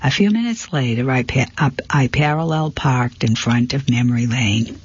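Give me a man with a raspy, breathy voice narrating a first-person mystery, recorded dry and lo-fi. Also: mid-range voice, expressive, moderate pace, no room sound. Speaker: audiobook narrator. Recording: dull, lo-fi, dry.

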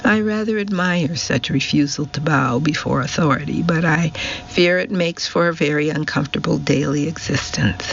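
A male audiobook narrator voicing a gentle older woman who speaks quietly and measuredly. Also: fairly high pitch, normal speed, gravelly, dull audio, slight background noise. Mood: reflective.

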